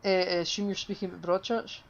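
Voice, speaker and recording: Talking very fast in a creaky, mid-range voice, a woman co-hosts a laid-back podcast chat, rambling with plenty of fillers and offhand swearing. The sound is dull and lo-fi, from a buzzing home podcast mic.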